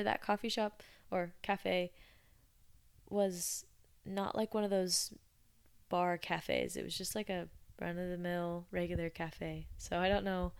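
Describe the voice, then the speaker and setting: This fairly low, gravelly voice belongs to a young woman on a podcast, clean in tone. She relaxes into amused, casual storytelling about bizarre customer encounters.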